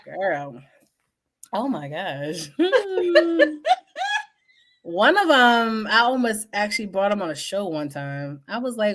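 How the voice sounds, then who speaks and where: A woman co-hosting a casual chat show, telling lively stories and laughing often. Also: mid-range voice, slow. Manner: animated storytelling, laughing often. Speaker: co-host.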